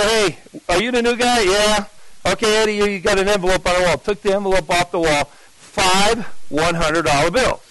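A man's voice: high voice, a bit bright, no echo, rough recording. An older man, telling his life story as a testimony and acting out the voices of the people in it. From New Jersey.

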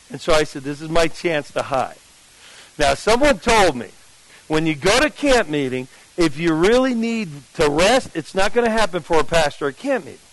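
A man's voice: on the high side, dry recording, low-quality recording. A man from New Jersey, a pastor, preaching a sermon through a personal story and acting out the dialogue. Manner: storytelling, acts out dialogue with lively shifts.

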